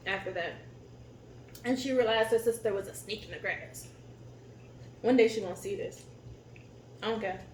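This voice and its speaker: A woman co-hosting a couple's channel, telling family stories in a casual, animated way and laughing easily. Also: mid-range voice, reverberant, slight background noise, rough recording. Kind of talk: casual storytelling chat.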